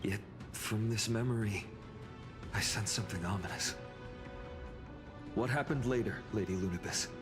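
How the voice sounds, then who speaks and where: An actor voicing a wary male adventurer in a game, asking low, uneasy questions. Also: moderate pace, long pauses, music in the background, close to an everyday voice. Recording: echoey game audio.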